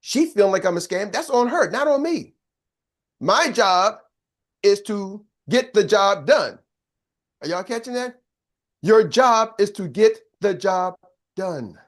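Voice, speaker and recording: A man's voice: high-pitched, lively intonation, takes it slowly, long pauses. An older man giving a motivational business coaching talk, emphatic and preacher-like, often checking in with his listeners.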